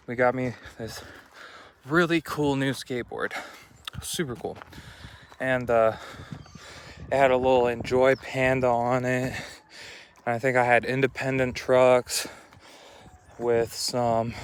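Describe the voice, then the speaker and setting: Laid-back man vlogging on a trail. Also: medium pitch. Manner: rambling and laid-back, full of slang like "dude". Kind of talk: casual vlog narration while hiking. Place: outdoor hillside trail. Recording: noisy outdoor recording.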